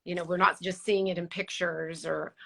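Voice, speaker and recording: Reflective woman guest, bright voice. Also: on the low side, flat delivery, creaky. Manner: reflective and heartfelt, unhurried. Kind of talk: casual conversation.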